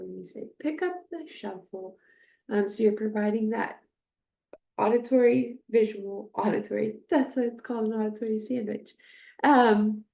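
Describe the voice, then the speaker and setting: A woman teaching a speech-therapy technique, speaking hesitantly with many fillers and slowly modeling short phrases with strong stress. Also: mid-range voice, creaky, warm tone. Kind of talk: instructional demonstration.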